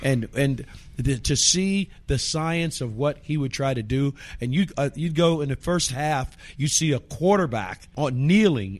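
An older man, a former player, recalling old games in a rambling way and restarting his sentences. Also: a little high. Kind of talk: casual recollection.

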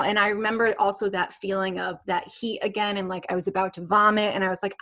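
A woman's voice: medium pitch, brisk, few pauses, sharp tone. A woman guest telling a personal story in conversation, rambling with many fillers and restarts and nervous laughs. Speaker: interview guest.

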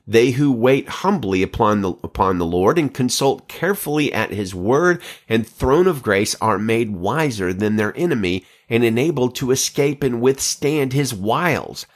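A man hosting a podcast, reading scripture and an old letter aloud in a measured, earnest way with occasional stumbles. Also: mid-range voice, expressive. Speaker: podcast host.

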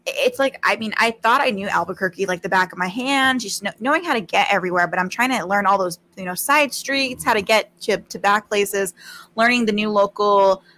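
A woman's voice: mid-range voice, a little fast, sharp tone, a little hiss or hum. A woman from New Mexico answering questions as a guest in a casual chat, with many fillers. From New Mexico, USA. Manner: chatty, filler-laden.

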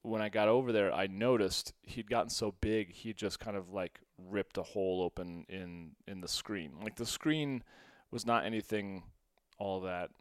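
Lively storytelling man, low smooth voice. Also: moderate pace, no room sound, studio quality. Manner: animated, swings between hushed and loud; laughs often, quotes himself. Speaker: podcast host. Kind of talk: casual storytelling.

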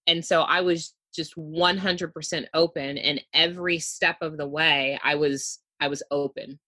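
A woman speaking as a guest author in a relaxed interview. Her voice sits low but has a bright, slightly husky edge. She talks in a loose, chatty way, full of "you know", with a dry, close sound. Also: a little slow, no room sound. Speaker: guest, debut picture book author. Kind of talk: casual conversational interview.

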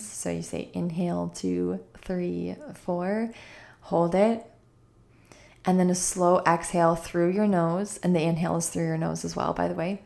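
A woman in her thirties hosting a wellness podcast, talking casually with lots of "like" and "right?", slightly croaky after a run. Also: fairly low pitch, a little mellow. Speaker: podcast host.

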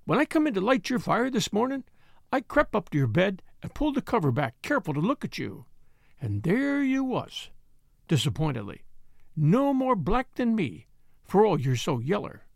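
A woman's voice: medium pitch, sing-song, moderate pace, creaky, darkish tone, no room sound, studio quality. A woman voicing a kind, plainspoken young maid who talks in broad Yorkshire dialect. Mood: earnest. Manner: broad dialect, earnest and chatty.

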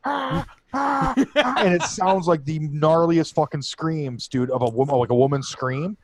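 A man's voice: a little high, moderate pace, dry recording. A young man co-hosting a podcast, telling crude stories with lots of swearing and mimicking other voices. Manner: animated storyteller, swears often, mimics voices. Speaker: podcast co-host. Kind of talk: casual crude banter.

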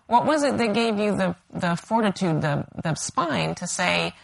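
A woman's voice: mid-range voice, animated, measured pace, gravelly. A woman interviewer asking questions in a searching way, often restarting her phrasing. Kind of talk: conversational interview.

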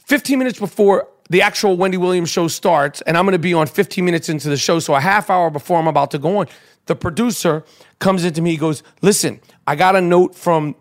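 A man from Brooklyn, hosting a podcast and telling a boastful, profanity-laden story in an animated rant. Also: high voice. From Brooklyn, New York. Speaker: podcast host.

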